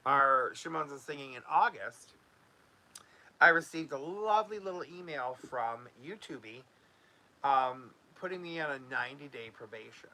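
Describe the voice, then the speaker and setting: A man's voice: on the high side, creaky, sharp tone. A man hosting a casual home vlog, talking loosely with many fillers and restarts. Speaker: YouTube host.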